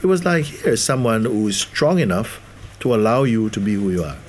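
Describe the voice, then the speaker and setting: Man teaching spiritual stuff, low voice that jumps around a lot, laughs a bunch. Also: fairly quick, slight background noise. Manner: animated, laughs often, acts out quoted voices. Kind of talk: spiritual talk to an audience.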